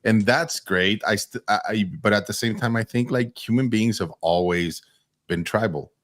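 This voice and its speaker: Man, very deep voice, reflective, rambling, dry sound. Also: moderate pace, a bit bright, dry recording. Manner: musing, reflective, many fillers. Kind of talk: casual panel chat.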